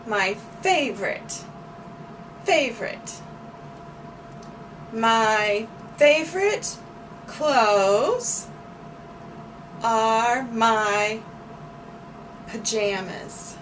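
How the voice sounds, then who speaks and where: A woman's voice: fairly high pitch, very slow, pauses often, fairly bright tone, a little hiss or hum. A woman teaching sign language, explaining each sign patiently and repeating phrases as she demonstrates them. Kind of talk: slow instructional explanation. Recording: distant mic with banjo background music. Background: bluegrass banjo music.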